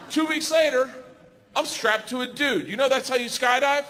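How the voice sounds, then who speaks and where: Man, forties, stand-up comedian, loud and animated, noisy live room. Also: extremely high pitch, fairly quick. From United States. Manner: loud, animated, acts out characters. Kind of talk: stand-up storytelling. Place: comedy club stage. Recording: live club set with crowd noise. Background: laughing crowd.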